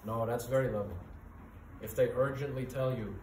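A man's voice: mid-range voice, fairly even intonation, moderate pace, far from the mic, very noisy. A male pastor preaching a sermon with urgent, earnest rhetorical questions. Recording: echoey room, voice from off-mic.

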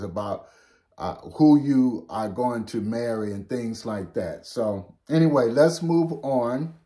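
Slow, unhurried older male pastor. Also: medium pitch, mellow. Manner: slow, unhurried, conversational teaching with frequent "okay?" check-ins. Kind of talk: bible teaching.

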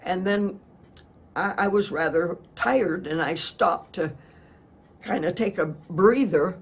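A woman's voice: lowish voice, slow pace, husky. A woman missionary preacher telling a story in a sermon, earnest and prone to restarting her words.

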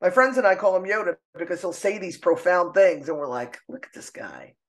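A middle-aged woman speaking as a podcast guest, expressive and emotional, laughing often as she talks. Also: fairly low pitch, fairly quick. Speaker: podcast guest, artist and author. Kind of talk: casual conversational interview. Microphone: own microphone.

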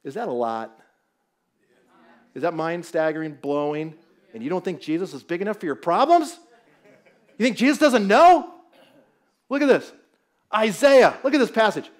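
Man, middle-aged, high voice, guest pastor, humorous sermon, storytelling, church. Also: normal speed, long pauses. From Southern California. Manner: animated, storytelling, jokes with the audience. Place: church sanctuary.

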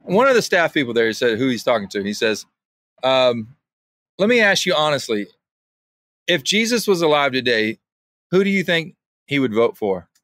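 A man guesting on a podcast in casual conversation, an animated storyteller who drops his voice when quoting others. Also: medium pitch, normal speed, long pauses, dry recording.

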